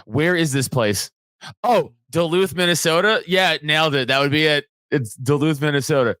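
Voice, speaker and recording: A man's voice: on the high side, normal speed, fairly bright tone, no echo, studio quality. A man co-hosting a podcast in casual chat, swearing, laughing and rambling, sleepy from a long night. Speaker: podcast co-host.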